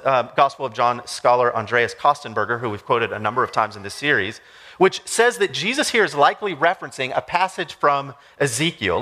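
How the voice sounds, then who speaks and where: Male pastor, young adult, preaching a sermon; chatty and animated, with a lively, bright voice. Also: medium pitch. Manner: conversational and animated, with casual asides.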